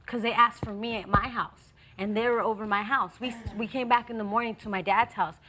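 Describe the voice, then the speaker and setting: A woman's voice: on the high side, steady tone, a little fast, sharp tone, a little hiss or hum. A young woman testifying as a litigant in court, defensive and arguing back at the judge.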